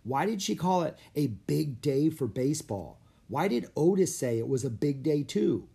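Curious young boy, wondering aloud to himself, read by the narrator in their own slightly husky storybook voice. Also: mid-range voice, very animated, normal speed, mellow, exaggerated voice. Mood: puzzled. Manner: wondering, questioning inner thoughts.

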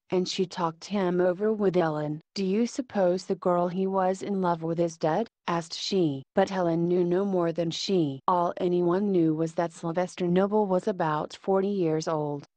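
A woman narrating a period story in a steady, measured audiobook reading. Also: lowish voice, no room sound.

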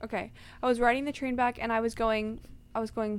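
A woman's voice: on the high side, a little fast, clean tone. A young woman in her twenties, co-hosting a casual chat podcast and telling stories with lots of exclamations. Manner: animated storyteller, exclaims often. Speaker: podcast co-host.

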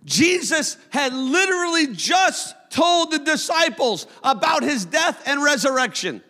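High, bright-voiced preaching pastor. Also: male voice, sing-song, measured pace. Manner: impassioned preaching, swelling to shouts. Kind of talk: sermon. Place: church sanctuary. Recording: long church hall reverb.

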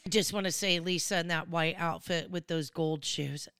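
A woman's voice: lowish voice, fairly even intonation, normal speed, a bit bright, smooth, no echo, studio quality. A woman giving casual, opinionated commentary on a reality show, acting out what people said in different voices. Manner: chatty, opinionated, acts out quotes in voices.

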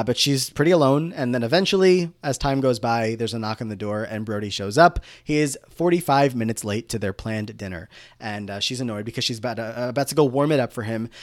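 A man's voice: mid-range voice, dry recording, clean studio sound. Man rambling through a casual show recap. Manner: rambling plot recap with many fillers. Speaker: podcast co-host.

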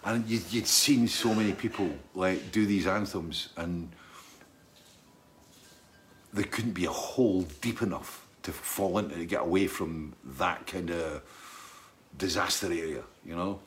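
A man in middle age talks casually, reading out questions and drifting into long stories. He speaks a little lower than most men. He often stops and restarts his sentences. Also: slight background noise. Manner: rambling, halting, full of restarts and asides. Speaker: singer answering viewer questions. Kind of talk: casual chat, storytelling.

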